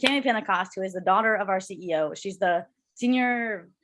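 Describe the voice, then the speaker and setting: A woman's voice: mid-range voice, a little fast, background noise. A young woman co-hosting a casual chat, rambling and gushing with emotion. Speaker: co-host.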